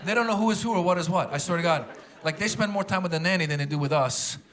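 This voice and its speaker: A middle-aged man from Iran doing loose, chatty stand-up comedy with quick impressions, with a loud laughing crowd behind him. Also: high-pitched.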